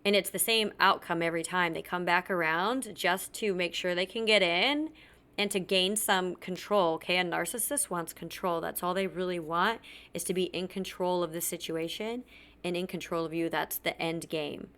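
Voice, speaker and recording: A woman's voice: on the low side, steady tone, normal speed, fairly bright tone. A woman hosting a podcast, telling a personal story candidly and bluntly, swearing freely and acting out what others said. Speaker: podcast host.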